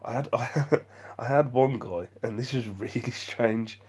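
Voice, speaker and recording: A man's voice: mid-range voice, a little slow, a little mellow, breathy edge. A man chatting on a live vlog stream, rambling and self-deprecating as he reads out viewer comments. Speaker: vlogger.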